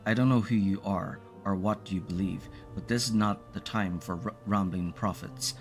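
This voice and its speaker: A man's voice: sits low, moderate pace, faint music behind. A man reading out the lines of a stern, proud king in a firm, commanding way.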